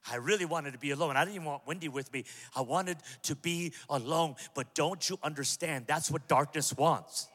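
A male pastor preaching a sermon to a large church, impassioned and humorous, building up to shouts. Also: fairly high pitch, moderate pace, few pauses. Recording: long hall reverb.

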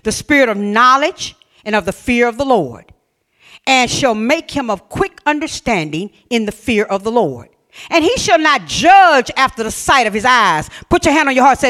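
Bright-voiced Southern woman preaching. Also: on the high side, sing-song, moderate pace. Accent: Southern US, Alabama. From Mobile, Alabama. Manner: folksy, humorous storytelling with sudden shifts between loud and hushed. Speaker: pastor. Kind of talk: sermon.

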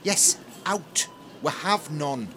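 Polite but dim shop assistant, lively voice over noisy shop ambience, as an actor plays him. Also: male voice, a little high, slow. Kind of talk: comedy audio play acting.

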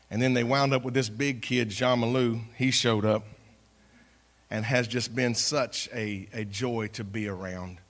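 Folksy preacher man. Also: fairly low pitch. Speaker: pastor. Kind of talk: church sermon.

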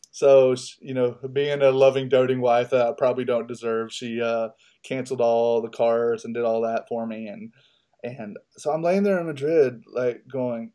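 A man's voice: medium pitch, fairly even intonation, normal speed, mellow. A man co-hosting a podcast, telling a story in a loose, profane, casual way and laughing at himself. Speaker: podcast co-host.

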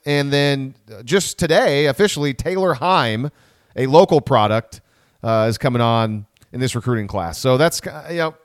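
A man's voice: fairly high pitch, no echo. Rambling man on a dry close mic. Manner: rambling, self-correcting, quick asides. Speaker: podcast host. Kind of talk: casual sports podcast chat.

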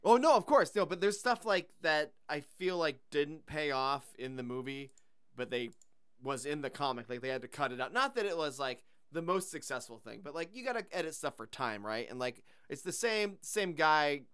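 A man's voice: on the high side, normal speed, clear, resonant tone, dry recording, clean studio sound. A man guest on a podcast, chatting casually and animatedly about a movie and its comic. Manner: animated, comparing film to the comic. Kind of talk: casual chat.

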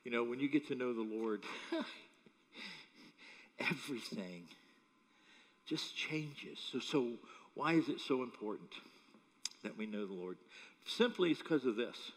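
Male pastor, animated sermon, lively pitch, echoey hall. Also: slow pace, pauses often. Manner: animated, humorous storytelling with chuckles.

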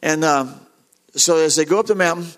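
A middle-aged man preaching a sermon, telling a story in a halting, earnest way with many repeated words. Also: fairly high pitch, fairly bright tone, clear, resonant tone.

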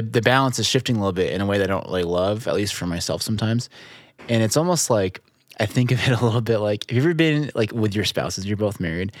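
Man, church elder, low pitch, dry sound, relaxed reflective talk. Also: no room sound. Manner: reflective, chatty, acts out dialogue. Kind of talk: casual discussion.

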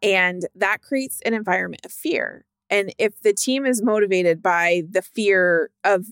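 A woman's voice: mid-range voice, unhurried, a bit bright, clean tone, no echo, studio quality. A woman co-hosting a podcast who talks casually and emphatically, with colorful turns of phrase. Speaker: podcast co-host. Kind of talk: casual advice chat.

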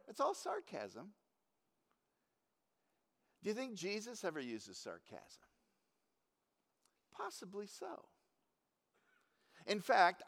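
A male preacher delivers a teaching sermon in a relaxed, wry manner, chuckling at his own points. He speaks slowly with wide pitch swings and a slightly bright tone, and a long, hall-like reverb hangs over the recording.

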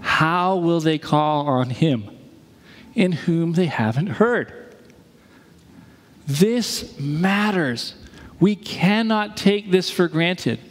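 A man's voice: fairly high pitch, animated, extremely slow, pauses often. A male pastor preaching a sermon, telling stories animatedly and acting out the voices of people he quotes. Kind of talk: sermon with storytelling. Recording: long hall reverb.

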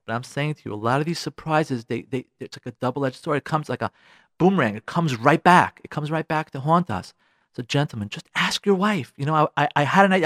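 A man's voice: fairly high pitch, a little fast, no echo, clean studio sound. A man hosting a radio advice show. He lectures on marriage in a preachy way and keeps acting out little scenes. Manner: animated, preachy, acts out scenes. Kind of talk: relationship advice talk.

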